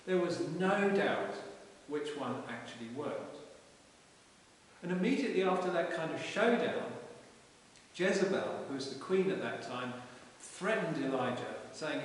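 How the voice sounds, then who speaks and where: A man delivers a chatty, storytelling sermon, his slightly high voice repeating words as he gathers his thoughts. He is picked up from well back in a church, and the sound rings with heavy echo and a long tail. Faint hiss runs underneath. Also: animated, moderate pace. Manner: informal storytelling with frequent restarts. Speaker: preacher. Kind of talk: conversational sermon. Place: parish church. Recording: echoey church hall from far off with hiss.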